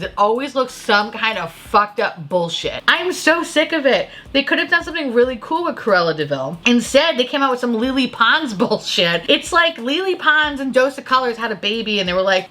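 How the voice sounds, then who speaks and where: Profane, ranting woman with a bright, lively voice. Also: on the high side, normal speed. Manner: profane, sarcastic, exasperated ranting. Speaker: beauty video host. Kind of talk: casual ranting review.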